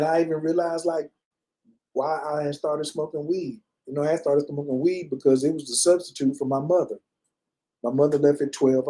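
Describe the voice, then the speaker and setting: Mellow-voiced man in his fifties, storytelling. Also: mid-range voice, rough recording. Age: 50s. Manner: loose, conversational, many fillers and "you know". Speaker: personal storyteller. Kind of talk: casual personal storytelling. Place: lives in Bali.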